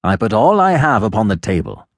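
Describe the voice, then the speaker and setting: A man voicing a scornful young nobleman who speaks low and slow, with a sneer. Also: very animated, dry recording, studio quality. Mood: cool. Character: young nobleman, the mocking, malicious elder brother. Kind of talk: audiobook character voice.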